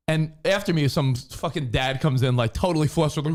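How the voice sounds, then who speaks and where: A man co-hosting a talk show, chatting casually and acting out quotes in high voices. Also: moderate pace. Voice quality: animated storyteller, acts out quotes in high voices. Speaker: radio show co-host. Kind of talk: casual banter.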